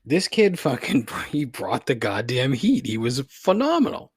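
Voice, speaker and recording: A man's voice: medium pitch, sing-song, measured pace, slightly rough, no echo. A man hosting his own podcast, ranting in frustration and laughing at himself as he swears a lot. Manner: frustrated, swearing, self-deprecating with rueful laughs. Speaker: podcast host. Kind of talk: solo podcast rant.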